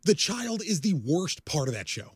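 A man in his forties rants with profane exasperation on a podcast, his voice sitting high and swinging widely in pitch. The sound is close and dry, with no room around it. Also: big pitch swings, moderate pace, husky, dry recording. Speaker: podcast co-host. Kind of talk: casual ranting chat.

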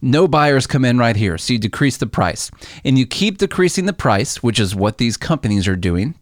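A man's voice: medium pitch, no echo, clean studio sound. A man co-hosting a casual podcast chat, patiently explaining how the stock market works with everyday comparisons.

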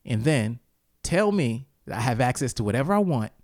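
A man hosts a casual ranting chat, telling heated, animated stories packed with swearing and sudden outbursts. His voice is mid-range at normal speed, recorded as clean studio sound with no echo.

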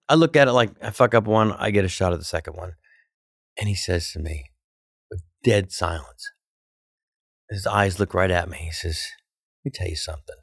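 A middle-aged male comedian telling a backstage anecdote in an animated, profane way, acting out the people he quotes. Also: fairly low pitch, creaky, no echo, clean studio sound. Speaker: comedian guest. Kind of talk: storytelling anecdote.

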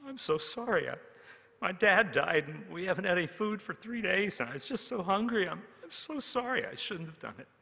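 A man's voice: sits high, lively intonation, a little fast, gravelly, bright, forceful tone, big-room sound, pitched above the performer's own voice, exaggerated voice. A man voicing a hungry ten-year-old boy who is crying and stammers out an apology in broken words. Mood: tearful.

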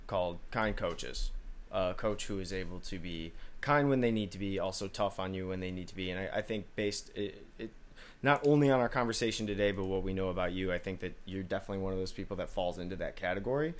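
A man hosting a podcast, asking long, measured interview questions. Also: deep voice. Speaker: podcast host.

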